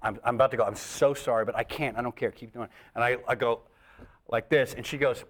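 A middle-aged man, a comedian guest, telling a stand-up story with lively acted-out voices and frequent laughs. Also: medium pitch, quick pace. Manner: animated storyteller, acts out voices, laughs often.

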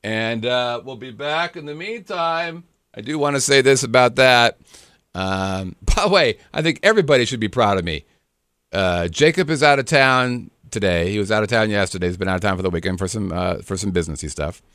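A man's voice: medium pitch, animated, a little fast, fairly bright tone, clear, resonant tone, dry recording, studio quality. A middle-aged married man co-hosting a podcast, joking and teasing in casual banter. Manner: joking, teasing, does silly voices. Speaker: podcast co-host.

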